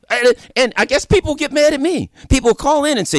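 A man hosting a political commentary show, delivering an animated opinion monologue full of repeated points and rhetorical questions. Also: very high-pitched, brisk, hardly any pauses, no room sound, studio quality.

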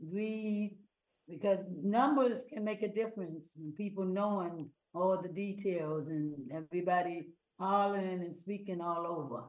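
A woman's voice: on the low side, moderate pace, a little mellow. Woman asking questions on radio, hesitant, echoey room sound. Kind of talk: radio interview. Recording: roomy echo.

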